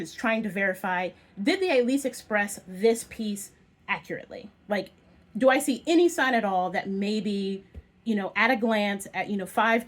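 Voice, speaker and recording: A young woman talking casually to camera in a thoughtful, rambling way, with many ums and restarts. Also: medium pitch. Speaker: video essayist.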